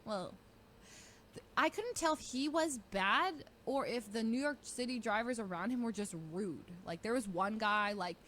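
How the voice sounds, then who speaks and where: A young woman casually telling a story on stream, giggling often and quoting people in lively voices. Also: fairly high pitch, moderate pace, slight background noise. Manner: chatty, giggly, quotes people in animated voices.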